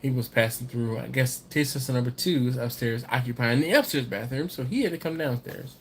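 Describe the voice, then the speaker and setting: A man's voice: medium pitch, fairly quick, slight background noise. A man hosting a casual live stream, reading viewer comments aloud in a rambling, chatty way, often laughing and repeating his words. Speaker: livestream host reading viewer chat.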